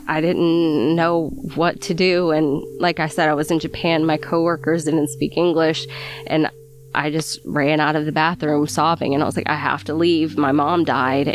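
Low-voiced woman recounting with halting sighs. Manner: halting, stammers and sighs while recalling. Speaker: guest telling her story. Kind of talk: emotional first-person account.

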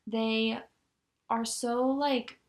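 A young woman with a slightly high voice chats casually as a podcast co-host. She talks with enthusiasm and fills her sentences with "like" and "um.". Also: fairly even intonation, extremely slow. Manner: chatty, many "like" fillers, enthusiastic. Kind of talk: casual chat.

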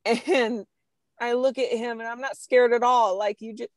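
A woman guest telling stories in a casual interview conversation, lively and quick to laugh. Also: a little high, dry recording. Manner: lively storyteller, laughs often.

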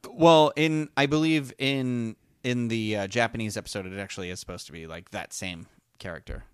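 A man's voice: on the low side, moderate pace, smooth, no echo, studio quality. A man co-hosting a casual fan discussion, talking enthusiastically and rambling through restarts. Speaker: podcast co-host.

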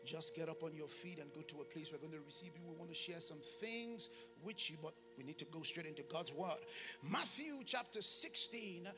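A man's voice: fairly high pitch, normal speed. A man preaching a fervent call-and-response sermon in a church hall, with faint music behind. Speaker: pastor.

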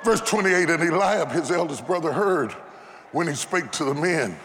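A man preaching a dramatic sermon, building to shouted climaxes and calling out to the congregation. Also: a little high, expressive, moderate pace, slight background noise. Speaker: pastor. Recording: live church with organ and congregation.

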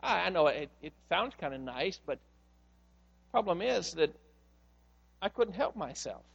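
A pastor in a sanctuary delivers his sermon with a fairly high voice. He tells stories with animation and acts out the voices in them. Long reverb from the hall trails his words. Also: very animated, a little slow, creaky, fairly bright tone, breathy edge, muffled recording.

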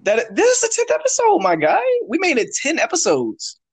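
A male podcast host chatting loudly and jokily on an online call. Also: extremely high pitch, wildly swooping pitch, a little fast, no echo. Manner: hyped, loud, jokey. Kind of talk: casual group chat on a call. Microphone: online call mic.

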